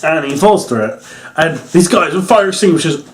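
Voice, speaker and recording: Young male reviewer, lively pitch, rambling and amused, casual swearing. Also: normal speed, slight background noise. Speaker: wrestling reviewer.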